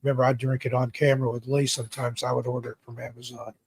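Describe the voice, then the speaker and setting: A man's voice: mid-range voice, little pitch movement, fast, vocal fry, slightly rough, no echo. An American man chatting casually as a guest, telling long rambling travel stories and often stumbling over his first words. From United States. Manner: rambling storyteller, stammers on restarts. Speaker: guest author and YouTuber. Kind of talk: casual chat.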